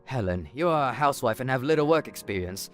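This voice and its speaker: An evasive cheating husband stammers through his excuses, as an actor plays him. His pitch moves widely between hesitant phrases. Soft music hums in the background. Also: animated, fast talker, lightly acted. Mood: pleading.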